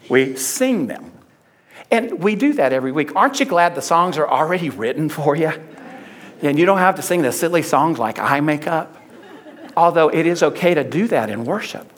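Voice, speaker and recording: A man's voice: fairly high pitch, a bit bright. A middle-aged man preaching a conversational sermon, repeating phrases for emphasis. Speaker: pastor.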